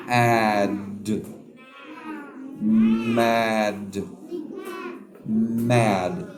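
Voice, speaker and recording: A man teaching a phonics lesson to young children, slowly sounding out letters and words with patient prompts. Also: fairly low pitch, flat delivery, music in the background.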